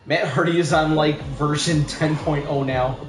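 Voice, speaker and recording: A co-host of a casual wrestling chat show, giving quick, opinionated remarks. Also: mid-range voice, steady tone. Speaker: podcast co-host. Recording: roomy live stream with background music.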